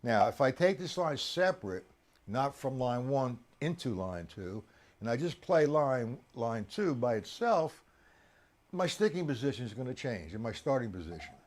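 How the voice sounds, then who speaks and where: A man teaching drums on a live stream, chatty and coaxing, counting beats aloud with loud accents on the downbeats. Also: medium pitch, big pitch swings, moderate pace. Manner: chatty, coaxing, addresses viewers directly. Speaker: drum teacher. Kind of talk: live-streamed drum lesson.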